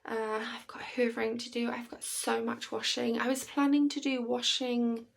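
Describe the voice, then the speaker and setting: A woman's voice: on the high side, little pitch movement, normal speed, gravelly, a little hiss or hum. A British woman chatting to camera at home in a rambling, chatty way, laughing often. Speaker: vlogger. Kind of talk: casual chat to camera.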